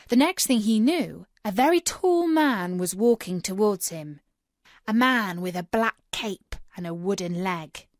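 A woman reading a children's story aloud clearly and expressively for English learners, on a close studio mic. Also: mid-range voice, no room sound. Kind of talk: scripted storybook narration.

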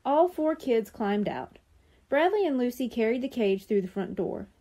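A woman reads a children's chapter book aloud for a library. Her mellow voice sits fairly high and moves expressively. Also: moderate pace. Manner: expressive, clear storytelling. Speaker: library storyteller.

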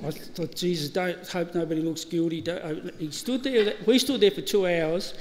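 Aussie bloke, higher voice, chuckling through funny eulogy stories, echoey hall, bit of hiss. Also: male voice, moderate pace. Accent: Australian. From Australia. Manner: anecdotal, laughing, acts out dialogue. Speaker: eulogy speaker. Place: funeral service hall. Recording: reverberant hall, faint ambient noise.

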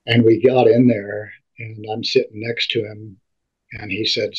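A man with a husky voice and a flat, even delivery tells a personal story as an interview guest. He stumbles and restarts often. The recording sounds dull and lo-fi. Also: lowish voice. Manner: halting, repeats and restarts words often.

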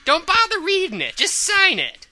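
A loud, folksy older fight promoter hollers country slang in a game reading, as a woman puts him on. His voice is piercingly bright and swings all over the place, with faint music underneath. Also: very high voice, wildly swooping pitch, normal speed, pitched above the performer's own voice, full character voice. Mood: blustery.

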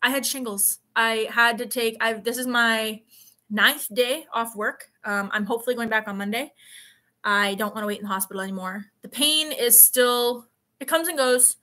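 A woman's voice: fairly high pitch, moderate pace, sharp tone. A woman in her late twenties chatting casually on a live stream, telling rambling stories with plenty of fillers. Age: 20s. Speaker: vlogger.

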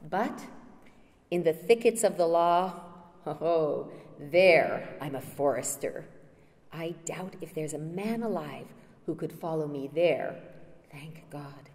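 Woman reading a principled older statesman: low, slow, echoing in a hall. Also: darkish tone. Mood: firm. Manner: read aloud as a quoted scene, earnest. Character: principled older male statesman, calm and stubborn. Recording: reverberant lecture hall.

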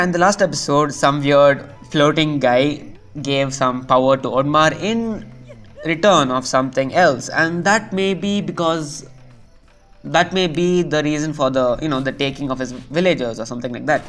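A gameplay host giving excitable, chatty let's play commentary and talking to the game's creatures. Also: mid-range voice, normal speed, soft background music.

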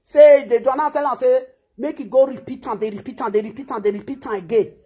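Scolding in an impassioned reaction monologue, a Nigerian social media commentator in her thirties repeats words often and carries a Nigerian Pidgin accent. Her voice sits high and is mellow and husky, and she talks quickly.

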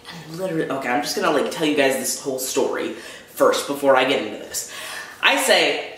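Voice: medium pitch, animated, brisk, a bit bright, slight background noise. A young adult vlogger from the United States, venting in an angry rant with frustrated outbursts and swearing. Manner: frustrated, swearing, talks in bursts. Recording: very echoey room.

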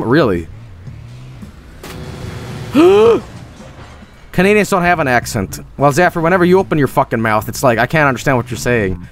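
A man with a Swedish accent, a native Swedish speaker, giving rambling, joking commentary over a game stream and swearing freely. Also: mid-range voice.

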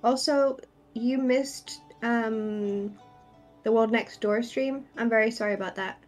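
A woman's voice: fairly high pitch, steady tone, slow, soft background music. Hesitant young woman co-host. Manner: hesitant, apologetic, many fillers. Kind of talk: casual stream chat.

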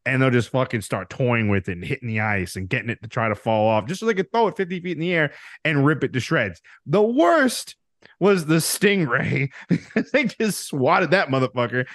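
A man's voice: medium pitch, normal speed, no room sound, studio quality. A man co-hosting a podcast, ranting in casual chat with lots of swearing. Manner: animated ranting, heavy swearing. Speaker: podcast co-host.

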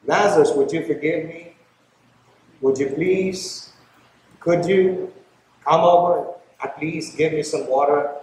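Proud tormented rich man done by a preacher, pleading yet haughty, fairly high voice, echoey church. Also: fairly even intonation, slow, long pauses, a little mellow, slight background noise.

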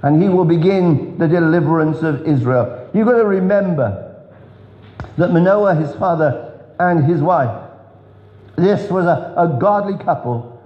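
A man preaching an earnest revival sermon, telling stories with emphatic pauses. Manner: earnest, storytelling, emphatic drops in pitch. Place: large church hall. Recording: echoey church hall, dull sound.

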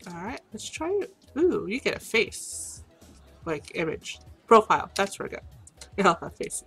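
A woman's voice: mid-range voice, very animated, normal speed, fairly bright tone, husky, faint music behind. A woman casually commenting while she plays a game, self-deprecating and prone to giggling. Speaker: game streamer. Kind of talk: let's play commentary.

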